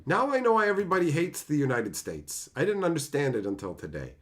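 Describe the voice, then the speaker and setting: A man talks casually on a live stream, reading his chat aloud and firing back profane, exasperated rants. His voice sits a little high and leaps all over the place as he gets worked up. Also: big pitch swings, fast, fairly bright tone.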